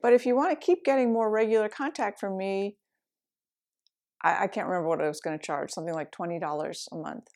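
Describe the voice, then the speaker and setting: A woman's voice: mid-range voice, quick pace, vocal fry, darkish tone. Woman, middle-aged, meditation teacher, candid storytelling talk, reflective, light laughs.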